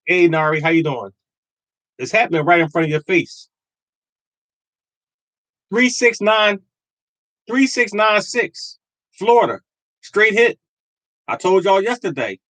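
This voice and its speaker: Older male streamer, high voice, dry close sound, hammers each point twice with preacher-like conviction. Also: a bit bright, no echo, low-quality recording. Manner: emphatic and repetitive, preaching conviction. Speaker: lottery tips host. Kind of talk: live stream talking to chat.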